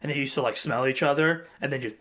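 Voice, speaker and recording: A young man co-hosting a podcast in casual chat, telling animated stories and breaking into sudden shouted impressions. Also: mid-range voice, fast talker. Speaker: podcast co-host.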